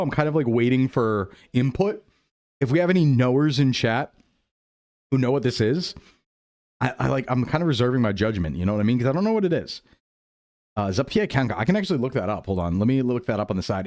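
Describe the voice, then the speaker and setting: A man's voice: mid-range voice, darkish tone, no room sound, studio quality. A man streaming casually, thinking aloud and joking with his chat as he plays a guessing game. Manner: playful, jokey, thinking aloud. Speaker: VTuber streamer.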